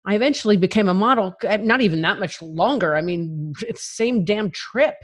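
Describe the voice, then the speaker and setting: A woman's voice: medium pitch, expressive, fairly quick. A woman guest in an interview, telling her own story in a frank, emphatic way and laughing between phrases. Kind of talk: candid personal storytelling.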